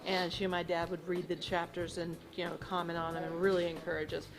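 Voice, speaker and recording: A woman's voice: lowish voice, flat delivery, quick pace, over music, rough recording. A woman co-author talking at a live event, hesitant and restarting her sentences. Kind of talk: live talk, conversational.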